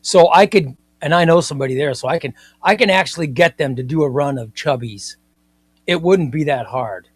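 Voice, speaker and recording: A man hosting a comics live stream, chatting in an excitable, rambling way and often repeating himself. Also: fairly high pitch, a little fast, breathy edge, dry recording. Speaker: comics livestream host. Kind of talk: casual live-stream chat.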